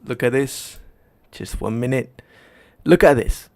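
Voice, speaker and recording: A man speaks slowly as he reacts to a lecture clip on his stream. His delivery is emphatic and full of repetition. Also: medium pitch. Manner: emphatic, repeats words for stress. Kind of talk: reaction commentary.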